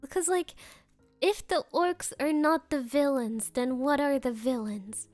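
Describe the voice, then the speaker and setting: A woman's voice: high-pitched, unhurried, a little mellow, no echo, faint music behind. A woman streamer in casual chat, rambling through sarcastic rants and laughing often.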